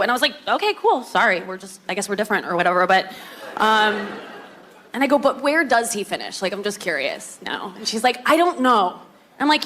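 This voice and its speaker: A woman's voice: mid-range voice, very animated, moderate pace, a bit bright. A woman performing a stand-up comedy set on stage, chatty and confessional, with lots of fillers.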